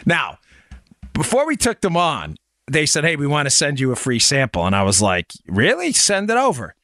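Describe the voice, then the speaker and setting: A man's voice: medium pitch, big pitch swings, moderate pace, fairly bright tone, dry recording. A middle-aged man hosting a podcast, delivering heated political commentary in a combative, ranting way full of punchy rhetorical questions. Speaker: podcast host.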